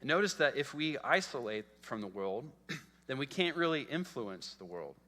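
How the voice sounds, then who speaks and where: A man's voice: mid-range voice, big pitch swings, normal speed, sharp tone. A man preaching a sermon as pastor, earnest and prone to repeating words and checking in with "okay?". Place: church sanctuary. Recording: long church hall reverb.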